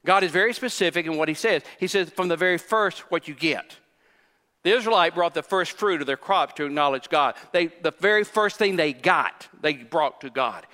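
A man's voice: on the high side, lively intonation, normal speed, bright, forceful tone. A man in his sixties, a pastor delivering a sermon, emphatic, repeating phrases and putting questions to the congregation. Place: church sanctuary. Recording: long hall reverb from church.

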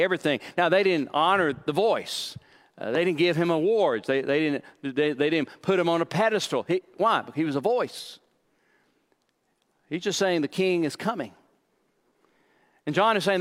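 Middle-aged male pastor, somewhat high pitch, dramatic preaching delivery. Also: fairly bright tone. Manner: dramatic, acts out quoted lines, repeats words. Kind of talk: sermon.

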